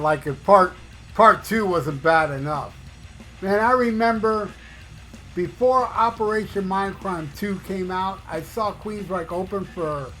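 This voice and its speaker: A man in his fifties, a podcast host, ranting in an excited, profane way in bursts with fillers. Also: sits high. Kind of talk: casual opinionated rant.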